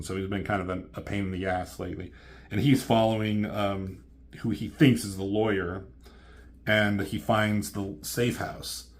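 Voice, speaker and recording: A man casually recapping a comic book story, rambling and profane, with lots of ums and restarts. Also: fairly low pitch.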